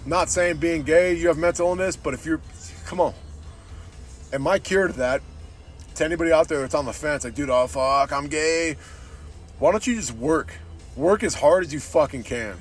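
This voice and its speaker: A podcast host with a fairly high voice speaks at a normal speed as soft music plays behind him. Blunt and opinionated, he rants casually with lots of profanity and says "dude" to everyone nonstop.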